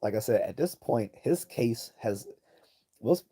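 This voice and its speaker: A man's voice: medium pitch, lively intonation, unhurried, warm tone, breathy edge. A man hosting a livestream, giving blunt, profane, rambling commentary and reading chat messages aloud. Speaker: livestream host.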